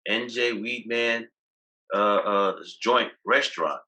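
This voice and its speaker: A man speaks as an interview guest over a video call. His voice sits low yet sounds bright and forward. He tells stories in a loose, boastful way, often stopping and restarting mid-sentence. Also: takes it slowly, rough recording. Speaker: guest, cannabis activist. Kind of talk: casual interview talk.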